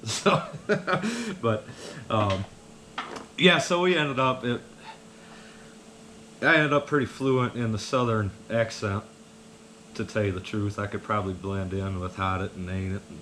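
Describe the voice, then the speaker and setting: A man's voice: on the low side, fairly even intonation, normal speed, pauses often, a bit bright, slight background noise. A man telling a casual story to camera, rambling with lots of fillers and an easygoing manner. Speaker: vlogger.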